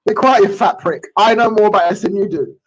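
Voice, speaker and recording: Husky high-voiced man taunting on a live call. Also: quick pace, poor audio. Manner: taunting, insulting, loud outbursts. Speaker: caller on live stream. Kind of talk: heated live stream argument.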